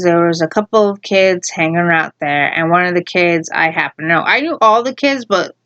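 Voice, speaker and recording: A woman telling a story from her school days in a casual, rambling way, repeating herself and adding animated asides. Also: mid-range voice, highs cut off. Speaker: storyteller vlogger.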